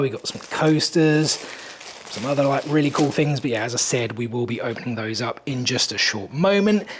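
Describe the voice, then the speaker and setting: A young man talks through a hotel room on a handheld camera, casual and chatty. He sounds excited and a little out of breath as he points things out. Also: mid-range voice. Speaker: vlog host. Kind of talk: casual room-tour vlog.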